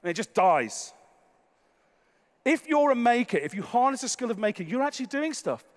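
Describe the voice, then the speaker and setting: High-voiced man speaking on a conference stage. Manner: energetic and conversational, with asides. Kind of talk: keynote talk on stage. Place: large conference hall. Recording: echoey hall reverb.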